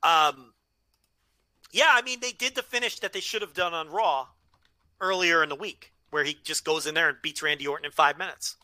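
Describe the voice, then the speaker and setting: A man co-hosting a casual wrestling review podcast, with a slightly high, very bright and sharp voice. He talks in a measured, agreeable way with wry asides. The sound is close and dry. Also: no room sound. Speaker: podcast co-host.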